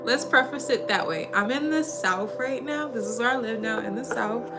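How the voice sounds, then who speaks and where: Lively young woman chatting over music. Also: on the high side, normal speed. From Minnesota. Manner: animated, laughing storyteller, slangy. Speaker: livestream host. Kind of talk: casual livestream chat. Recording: music playing behind.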